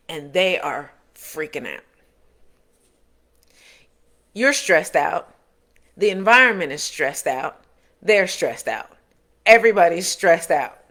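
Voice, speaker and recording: Bright, forceful woman giving parenting advice. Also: on the low side, animated, slow pace. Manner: earnest, coaching, repeats and rephrases points. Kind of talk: direct-to-camera advice talk.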